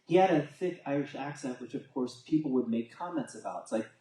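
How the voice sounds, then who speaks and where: A man's voice: mid-range voice, a little fast, dark tone. A man giving a rambling, casual talk to a congregation, with filler words and frequent restarts. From United States. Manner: casual, rambling storytelling with fillers and self-corrections. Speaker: teacher at a spiritual community. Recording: echoey hall, voice from far off.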